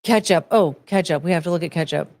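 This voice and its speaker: A woman's voice: on the low side, fast talker, darkish tone, no echo. A young woman streaming casually, gushing and cooing over pictures of dogs. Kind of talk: casual live-stream chat.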